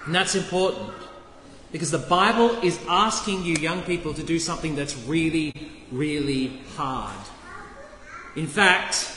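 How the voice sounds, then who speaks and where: A man's voice: high voice, a bit bright, slight background noise. A man preaching as a pastor, playfully quizzing the children during a sermon. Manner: playful, asks the kids questions. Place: church. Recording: echoey church hall, faint ambience.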